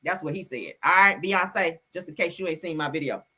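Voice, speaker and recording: A woman's voice: sits low, lively intonation, fairly quick, bright, forceful tone, breathy edge. Sassy, emphatic woman streamer. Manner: sassy, emphatic, profane, addresses viewers. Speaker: streamer and commentary host. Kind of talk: casual commentary livestream.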